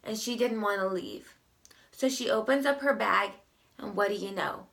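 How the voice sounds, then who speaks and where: A woman's voice: medium pitch, moderate pace, gravelly, a bit bright. A young adult woman telling customer service stories in a casual vlog, emphatic and exasperated. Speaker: vlogger.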